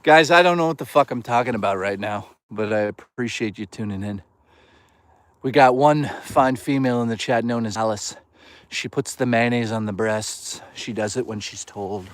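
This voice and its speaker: Here's a mid-range male voice at a moderate pace, recorded with no echo. He's live-streaming a walk through the woods, chatting casually, swearing, making jokes, and rambling as he reads comments from chat.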